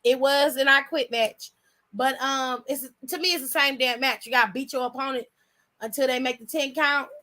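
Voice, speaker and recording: A woman hosting her own channel, chatting loudly and bluntly with her chat and swearing freely. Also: high voice, steady tone, normal speed. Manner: loud, blunt, profane, reads chat aloud. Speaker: channel host. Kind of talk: casual livestream chat.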